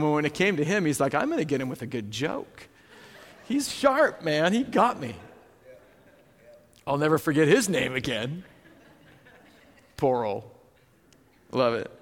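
Pastor, man, conversational sermon delivery with slow scripture reading, in a reverberant church hall. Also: on the high side. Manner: conversational storytelling, scripture read slowly. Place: church sanctuary.

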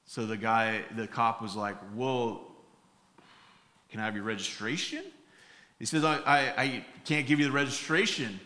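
A man's voice: medium pitch, normal speed, pushed and bright, reverberant. A man preaching a sermon, telling funny stories and acting out the lines of each character, with frequent fillers and restarts. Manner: storytelling with acted-out quotes, many fillers and restarts. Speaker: pastor.

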